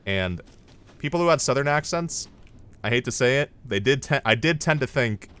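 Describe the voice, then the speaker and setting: Animated American streamer. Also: male voice, mid-range voice, normal speed, clean tone. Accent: General American. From United States. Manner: rambling, profane, laughing. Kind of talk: casual gameplay commentary.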